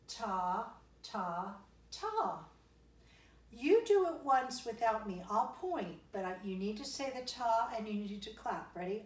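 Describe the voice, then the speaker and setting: A woman's voice: fairly high pitch, a little hiss or hum. A woman teaching a kindergarten music lesson, cheerful and encouraging, singing and clapping rhythms with the children. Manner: cheerful, sing-song, slow and encouraging, spells and claps along. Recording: echoey room, voice from a distance.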